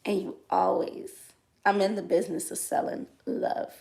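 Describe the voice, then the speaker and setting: A young adult woman, a dancer, telling a story in casual chat, colloquial and dropping into soft asides. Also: mid-range voice, flat delivery, moderate pace, gravelly.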